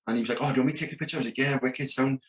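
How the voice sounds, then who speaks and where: A rock drummer from South Wales's Merthyr Tydfil area, in his thirties, rattles off tour stories very fast in a steady, medium-pitched voice. Appearing as a podcast guest, he acts out the exchanges casually and uses "you know what I mean" over and over.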